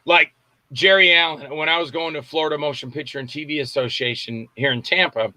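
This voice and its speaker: Male director guest, animated storyteller, bright tone, dry close sound. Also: fairly high pitch, fairly quick, dry recording. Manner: animated anecdotes, acts out voices and shouts. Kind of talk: casual storytelling interview. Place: Tampa area, Florida.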